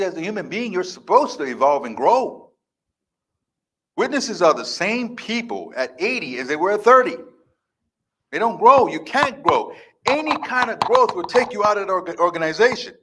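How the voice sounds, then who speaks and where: A man in his fifties speaking on stage as a life coach, with a slightly high voice. He delivers an emphatic, repetitive motivational speech in a defiant tone. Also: big pitch swings, moderate pace, pauses often, fairly bright tone, slight background noise. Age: 50s. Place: stage before a live audience.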